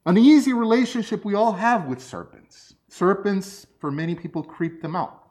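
A man's voice: high voice, moderate pace. A man preaching a sermon, telling personal stories. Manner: lively storytelling, personal anecdotes.

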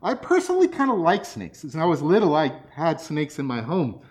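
A man's voice: on the high side, normal speed. A man preaching a sermon, telling personal stories. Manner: lively storytelling, personal anecdotes.

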